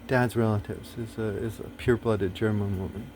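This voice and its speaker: A man's voice: lowish voice, steady tone, moderate pace, darkish tone, a little hiss or hum. A man talking casually to the camera, rambling and blunt, full of fillers, restarts and swearing. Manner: profane, blunt. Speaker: video host.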